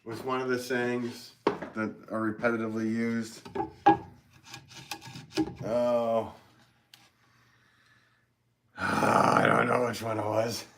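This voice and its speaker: A man's voice: mid-range voice, slow pace, creaky, long pauses. A male potter chatting casually on a live stream from his studio, reading out viewer comments, rambling and easygoing with lots of fillers and frequent laughs. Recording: steady background noise in the room.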